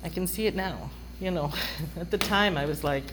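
Middle-aged woman, wry storyteller, chatty, slightly low voice, faint background hiss. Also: moderate pace, rough recording. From London. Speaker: speaker sharing a recovery story. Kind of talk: humorous personal storytelling.

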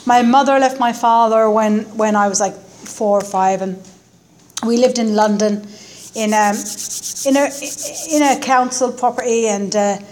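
A woman's voice: a little high, unhurried, darkish tone. Wry Irish woman telling her story. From Ireland. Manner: wry, self-deprecating storytelling with acted quotes. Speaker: guest speaker. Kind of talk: personal story talk at a recovery meeting. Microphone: stand microphone.

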